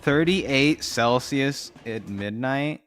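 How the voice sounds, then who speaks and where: A man from the United States streams a game with a mid-range, fairly bright voice at a slow pace. He chats casually, reading on-screen text aloud and musing until he trails off, with soft music behind him.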